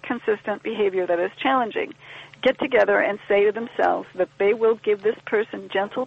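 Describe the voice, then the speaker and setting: A woman with a medium-pitched, gravelly, slightly rough voice appears as a podcast guest. She explains ideas in a thoughtful, wry, conversational way, acting out little quoted exchanges, and the recording has a dull lo-fi podcast sound.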